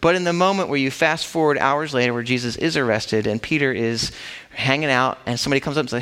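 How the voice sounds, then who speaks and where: A man's voice: mid-range voice, quick pace, fairly bright tone, clear, resonant tone. A man preaching a sermon in a casual, conversational way, acting out the story as he tells it. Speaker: pastor.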